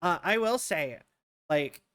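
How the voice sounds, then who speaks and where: Live streamer from rural US, loose chatty ramble, crisp voice, dry close mic. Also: medium pitch, lively intonation, slow pace, fairly bright tone, dry recording. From rural United States. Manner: rambling, many "like"s and restarts, amused. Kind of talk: casual chat while streaming a game.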